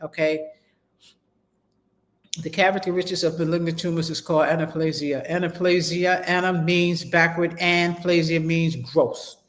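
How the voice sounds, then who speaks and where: In a casual online lecture, a man teaches medical terminology, reading from the textbook and pausing to repeat and spell out key terms. He's chatty, calling his students "y'all," with a fairly high, steady, slightly bright voice at normal speed.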